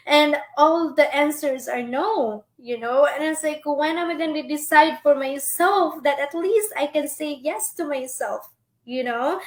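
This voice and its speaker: A young woman in her twenties, a guest speaking tearfully and haltingly with many fillers about her struggles. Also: sits high. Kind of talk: emotional interview. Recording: echoey room.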